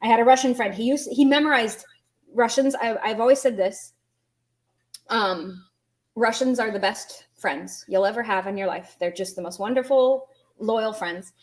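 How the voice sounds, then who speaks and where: A woman teaching an online language lesson, explaining grammar patiently and quizzing her students. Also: a little high. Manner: patient, explains slowly, asks students questions.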